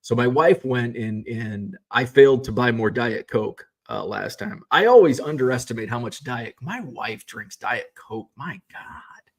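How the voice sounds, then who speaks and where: A man's voice: mid-range voice, expressive, a little slow. Man ranting casually while driving. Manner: rambling, profane, exasperated ranting. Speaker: vlog host. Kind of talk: casual rambling monologue.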